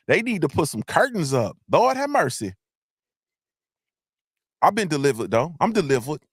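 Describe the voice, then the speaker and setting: Middle-aged guy giving a pep talk live, kinda high voice, dry close mic, keeps going "you feel me". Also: fast talker, slightly rough, no room sound. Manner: animated, preachy, repeats "you feel me". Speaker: host.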